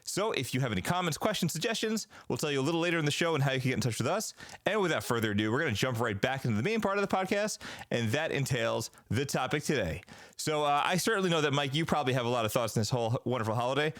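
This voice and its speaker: A man's voice: mid-range voice, expressive, very fast, fairly bright tone, dry recording. A man in his forties hosting a casual podcast, telling stories with lots of fillers and restarts. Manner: rambling storyteller with many fillers. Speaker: podcast host.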